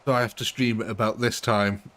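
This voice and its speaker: A man's voice: on the low side, flat delivery, a little fast, a bit bright. A man chatting casually while live-streaming a game late at night, chuckling often. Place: home at night.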